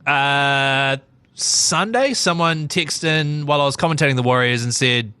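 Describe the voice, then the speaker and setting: A man with a bright, ringing voice chats loosely with friends on a gaming podcast, joking as he goes. The sound is close and dry, with no room around it. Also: medium pitch, normal speed, smooth, dry recording. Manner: jokey, laughs into silly voices. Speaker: podcast co-host. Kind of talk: casual chat.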